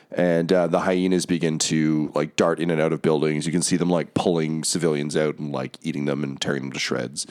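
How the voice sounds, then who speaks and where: Man, very low voice, game master, loose halting narration. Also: darkish tone, smooth. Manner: loose, halting, many ums.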